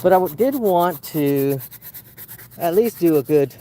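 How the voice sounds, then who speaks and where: Slow, mellow-voiced man painting outdoors. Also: fairly high pitch, lively intonation. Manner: playful, rambling and wry, talks to viewers as folks. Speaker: plein air painter. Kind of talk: casual narration while painting. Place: outdoors in a wildflower field.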